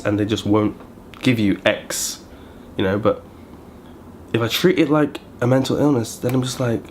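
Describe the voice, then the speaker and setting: A man's voice: fairly low pitch, steady tone, moderate pace, darkish tone, slight background noise. A man vlogging in casual chat to camera, rambling and thinking aloud as he goes.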